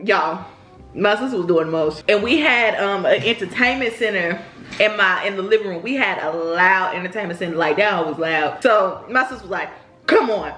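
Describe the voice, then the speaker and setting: A woman's voice: mid-range voice, moderate pace, a bit bright, soft background music. A young woman telling a rambling story to her viewers in a casual vlog. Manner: chatty, rambling, addresses viewers directly. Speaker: vlogger. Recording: roomy echo.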